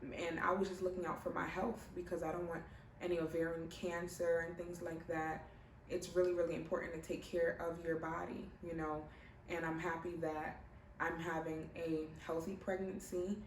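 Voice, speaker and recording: Recorded from a distance, a heavily pregnant young vlogger tells her own story in a casual, animated way, sometimes acting out what others said. Her voice is a little low and her pace moderate. A roomy echo, faint ambience, and a little hiss or hum come through.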